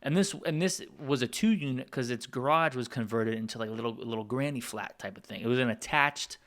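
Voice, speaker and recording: A man's voice: medium pitch, a little fast, a bit bright. A man telling a long personal story in a casual monologue, rambling and digressive, with asides to his listeners. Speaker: music producer and channel host.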